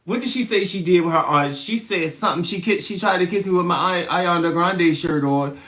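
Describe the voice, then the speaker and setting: A man's voice: sits high, fairly quick, a bit bright. Playful laughing man on a livestream. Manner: laughs often and teases commenters playfully. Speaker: livestream host. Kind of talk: casual livestream chat answering viewer comments.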